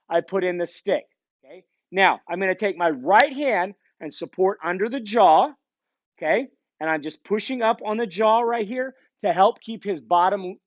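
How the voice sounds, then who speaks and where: A man teaching dog training in a casual, relaxed way with fillers, praising the dog as he goes, recorded outdoors on a camera mic. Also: high-pitched, no echo, highs cut off. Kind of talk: casual instructional demonstration. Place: outdoors, near a field.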